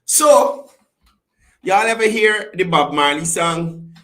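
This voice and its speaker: A man's voice: high-pitched, slow pace, reverberant. A man hosting a commentary show, chatting and greeting viewers by name. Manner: chatty, greets viewers by name, lively rising and falling delivery. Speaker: host. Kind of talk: casual call-in style commentary show.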